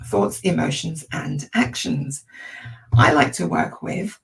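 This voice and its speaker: A woman coaching an online audience in a chatty, encouraging way, with a croaky throat and lots of rhetorical questions. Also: deep voice, slow pace, recorded from a distance, rough recording. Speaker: emotional intelligence coach. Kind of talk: informal teaching talk to an online audience.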